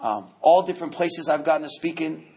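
At a recovery meeting, a new man from New York tells his recovery story in a voice on the high side at a fairly quick pace. He's animated and joking, repeating words as he restarts.

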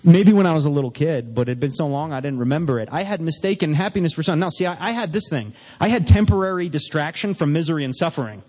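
Male recovery speaker, slightly high pitch, candid and self-deprecating, addressing a meeting hall with long reverb. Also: animated, fast, hardly any pauses, darkish tone. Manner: candid, self-mocking storytelling.

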